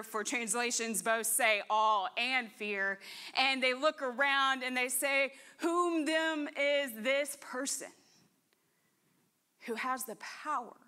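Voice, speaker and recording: A woman's voice: medium pitch, bright, forceful tone, clear, resonant tone. A woman preaching in church, telling a Bible story dramatically and acting out the voices of its characters. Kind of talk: sermon storytelling. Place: church sanctuary.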